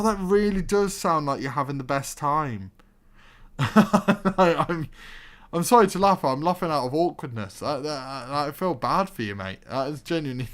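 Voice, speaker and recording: A man's voice: medium pitch, fairly bright tone. A young man commentating his own game on a livestream, exasperated and laughing nervously as he talks to himself. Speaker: streamer. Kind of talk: live gameplay commentary.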